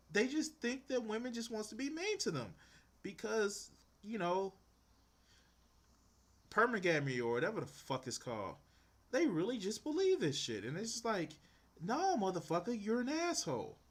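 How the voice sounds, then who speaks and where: A young man streams while drawing, reacting to a video with profane, exasperated ranting in casual commentary. His high voice swings widely in pitch, with a fairly bright tone, normal speed and frequent pauses.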